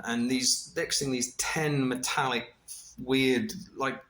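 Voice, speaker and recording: A middle-aged man casually recounting a personal experience, animated and full of restarts, with laughter and the odd swear. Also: mid-range voice, slow, a little hiss or hum. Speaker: vlogger recounting a ceremony experience.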